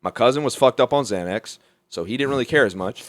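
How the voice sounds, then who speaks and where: A young man from Alabama, a comedian guest telling a story in a profane, animated way, laughing as he goes. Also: medium pitch, fast talker, no room sound. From Mobile, Alabama, US. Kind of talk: casual storytelling.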